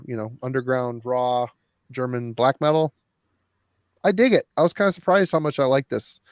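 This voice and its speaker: A man's voice: medium pitch, clear, resonant tone, no room sound, clean studio sound. A man hosting a podcast, chatting casually about records he has been listening to, rambling and laughing at himself. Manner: laughing, self-deprecating and rambling. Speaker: podcast host. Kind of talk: casual chat.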